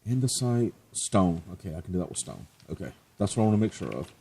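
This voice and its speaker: Let's play host, male, low and husky, chatty and jokey. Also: very animated, quick pace, mellow. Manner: chatty, joking, self-mocking. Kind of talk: casual gameplay commentary.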